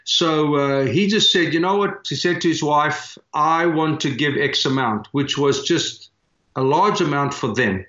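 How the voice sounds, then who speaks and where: A man's voice: a little high, measured pace, a bit bright. A man in his fifties from South Africa, a church planter telling earnest, heartfelt stories as a guest in an interview. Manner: earnest, heartfelt storyteller with frequent restarts. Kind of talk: storytelling in a podcast interview. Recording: roomy, dull remote recording.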